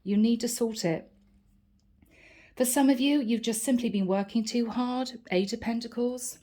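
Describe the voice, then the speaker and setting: A woman's voice: a little high, moderate pace, warm tone. A woman giving a chatty channeled tarot reading, reassuring her viewers and acting out their little everyday grumbles. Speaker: tarot reader.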